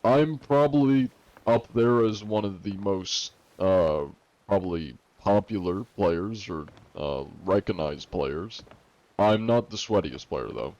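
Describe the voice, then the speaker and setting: A man's voice: fairly low pitch, a little mellow, dull audio. A 21-year-old American man streaming and joking sarcastically while answering questions from chat. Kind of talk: casual livestream chat.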